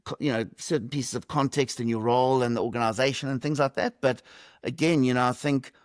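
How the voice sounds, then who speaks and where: A man's voice: medium pitch, steady tone, fairly quick, no room sound, studio quality. A middle-aged man, a podcast guest answering reflectively with light humor over a video call. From South Africa. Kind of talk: conversational interview answers.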